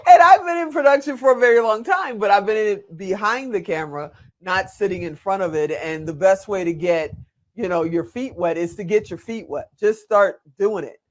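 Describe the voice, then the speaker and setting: Guy with a high voice hosting a laid back interview, rambly questions. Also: moderate pace. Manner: chatty, asks long rambling questions. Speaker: interview host. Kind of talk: casual video interview.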